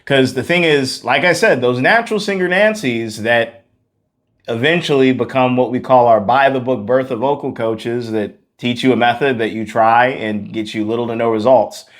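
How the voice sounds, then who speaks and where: A man's voice: medium pitch, normal speed. Out-of-breath male vocal coach. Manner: energetic, repetitive emphasis, laughs between points. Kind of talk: online singing lesson.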